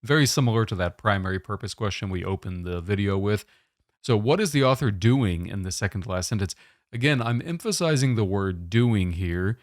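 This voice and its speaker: A man giving a test-prep lesson, explaining question types in a steady, methodical way. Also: lowish voice, no room sound, studio quality.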